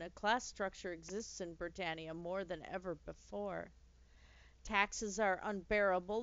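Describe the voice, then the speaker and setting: A woman voicing a sweet elderly working-class nanny who talks gently in old-fashioned speech, with a touch of bitterness. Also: medium pitch, no echo, close to an everyday voice. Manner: gently chatty, archaic speech, mildly bitter. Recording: dull lo-fi dry recording.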